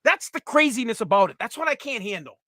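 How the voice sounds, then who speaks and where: A man's voice: extremely high pitch, very animated, fast talker, sharp tone, no echo, studio quality. A man giving heated, blunt, profane solo commentary.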